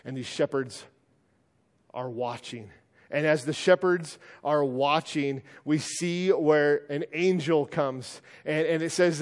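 Guy giving a sermon, kinda high voice, lots of uh's, long hall echo behind him. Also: slow. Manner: plain, conversational preaching with frequent fillers and restarts. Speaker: pastor.

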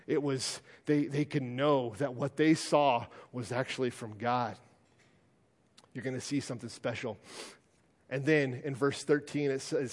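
A man's voice: medium pitch, steady tone, unhurried. A man preaching a sermon in a plain, conversational way, with many fillers and restarts. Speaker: pastor. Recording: long reverb of a hall.

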